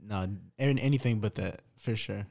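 A young man co-hosting a podcast, talking in a laid-back, halting way, full of "like"s and restarts. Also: lowish voice, gravelly, a little mellow. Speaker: podcast co-host. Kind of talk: casual chat.

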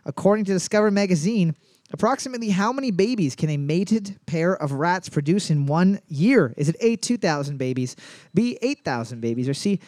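A man with a high voice hosts a casual trivia session. He reads each question slowly and twice, then trades jokes. The sound is close and dry, with no room around it. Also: expressive, darkish tone, no room sound. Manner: joking, reads questions twice, slows down to read. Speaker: quiz host. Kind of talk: casual comedic trivia chat.

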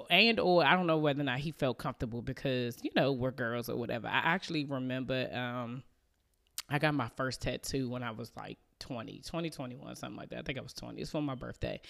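A woman in her thirties talks through a personal story on her podcast, loose and conversational. She fills the pauses with plenty of "you know" and small laughs, and she slips into the voices of the people in her story as she goes. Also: a bass voice, vocal fry, fairly bright tone. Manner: chatty, with many fillers and laughs; acts out family members' lines. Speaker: podcast host. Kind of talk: casual storytelling monologue.

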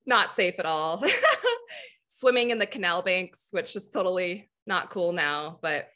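A woman guest telling stories about her childhood in a relaxed casual interview, laughing often. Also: on the low side, measured pace. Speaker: guest athlete.

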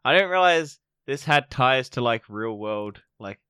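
A man's voice: medium pitch, lively intonation, measured pace, pushed and bright, clear, resonant tone, no echo. A young man co-hosting a podcast, rambling and joking in casual chat, swearing now and then. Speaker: podcast co-host.

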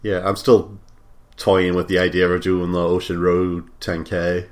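A man's voice: low voice, level tone, unhurried. A man in casual chat, easygoing and mostly giving short replies. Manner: easygoing, brief replies, laughs along.

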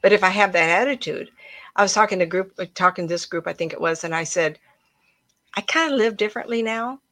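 A woman's voice: medium pitch, a little fast, fairly bright tone, no echo. A middle-aged woman talking casually as a spiritual medium, chatty and emphatic, telling stories from her home. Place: room at home with plants.

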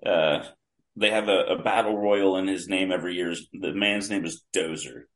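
A man's voice: sits low, fairly even intonation, normal speed, a bit bright. A man, a guest on a podcast, telling detailed stories in a casual way, often restarting his sentences. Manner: vivid, detailed anecdotes with many restarts. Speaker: podcast guest, longtime wrestling fan. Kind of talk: casual storytelling.

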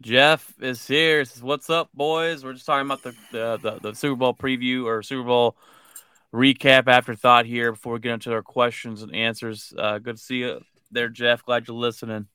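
A man co-hosting a casual sports talk show, halting and restarting often as he reads out listener comments. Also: medium pitch, little pitch movement, bright, forceful tone, clear, resonant tone, no room sound, clean studio sound. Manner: halting, many restarts and fillers. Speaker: co-host.

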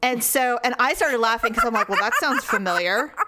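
A woman co-hosting a casual chat, telling a story in an animated way, laughing often and acting out what others said. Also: a little high, brisk. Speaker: podcast co-host.

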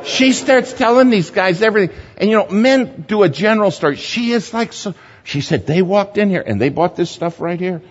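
A man's voice: sits high, moderate pace, hardly any pauses. Preacher man in a reverberant hall. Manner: animated, swings between loud and hushed. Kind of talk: sermon storytelling. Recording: muffled hall recording with long reverb.

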